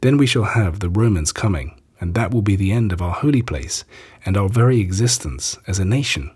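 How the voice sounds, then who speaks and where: A man's voice: lowish voice, animated, a little fast, a little mellow, breathy edge. A man reading the words of a worried council of priests, a bit urgent. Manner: urgent, plain reading of quoted speech.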